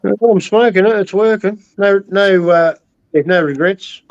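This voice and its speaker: A man's voice: sits high, unhurried, dry recording, highs cut off. A man calling in to a late-night chat, laid-back and swearing, mocking things with a laugh in his words. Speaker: guest on a call.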